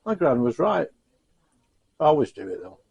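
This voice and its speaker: A man's voice: fairly high pitch, big pitch swings, moderate pace, vocal fry, a little mellow, husky, no echo, highs cut off. A man chatting casually in a home cooking vlog, self-mocking and chuckling as he tries his food. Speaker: cooking vlogger.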